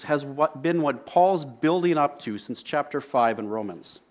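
A man preaching a sermon in a church, with emphatic, unhurried delivery and deliberate pauses. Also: mid-range voice, expressive. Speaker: pastor. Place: church sanctuary.

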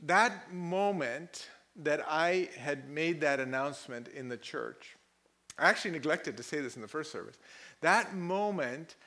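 A man preaching a sermon, telling a story animatedly and acting out the people in it with loud bursts of laughter. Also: medium pitch. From Pakistan. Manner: animated, laughing, acts out quoted people loudly. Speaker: pastor.

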